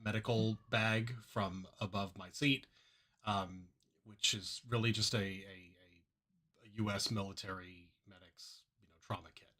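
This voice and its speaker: A man's voice: fairly low pitch, fairly even intonation, unhurried, pushed and bright. A man playing a tabletop game, describing his character's actions hesitantly, often repeating words. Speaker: player.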